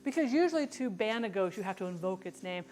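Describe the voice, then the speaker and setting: A woman's voice: mid-range voice, lively intonation, quick pace, darkish tone, faint music behind. A woman hosting a cooking livestream, chatting casually while she cooks and reads viewer questions aloud, playful and self-mocking.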